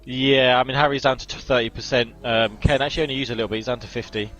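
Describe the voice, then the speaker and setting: A man's voice: medium pitch, fast talker, poor audio. Chatty male sim racing commentator. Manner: chatty, analytical, excited on incidents. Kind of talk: live esports race commentary.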